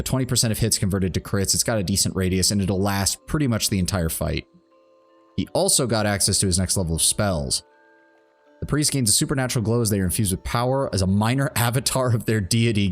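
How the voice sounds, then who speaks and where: A man streaming a game, casually thinking aloud and reading out game text and stats. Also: fairly low pitch. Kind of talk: casual gameplay commentary.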